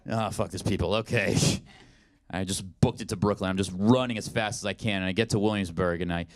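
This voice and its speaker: A man's voice: sits low, quick pace. Young man doing self-deprecating stand-up. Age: 20s. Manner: self-deprecating, animated storytelling. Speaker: stand-up comedian. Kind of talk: stand-up comedy set. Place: comedy stage in a studio.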